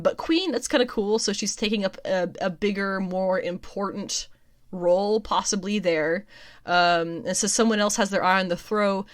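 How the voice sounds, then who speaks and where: Excitable rambling young woman podcaster. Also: mid-range voice, dry recording, clean studio sound. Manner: excitable, rambling with many ums and restarts. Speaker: podcast host. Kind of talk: casual comics news chat.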